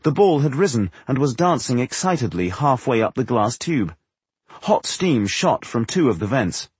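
A man reading a fantasy novel aloud as narrator, in a measured, expressive storytelling manner. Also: medium pitch, slightly rough, dry recording. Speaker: audiobook narrator. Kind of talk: scripted narration.

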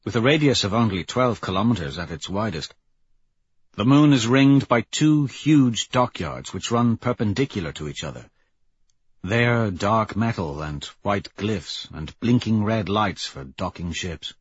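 A man narrating a novel in the first person, steady and measured. His voice is husky and sits in a middle pitch. The recording is dry, with a slightly dull, muffled top end. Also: no echo. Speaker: audiobook narrator.

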